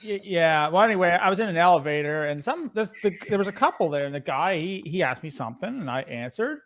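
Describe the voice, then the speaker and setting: A man's voice: high-pitched, big pitch swings, a little fast. A Canadian man rambling through self-mocking stories in casual live-stream banter.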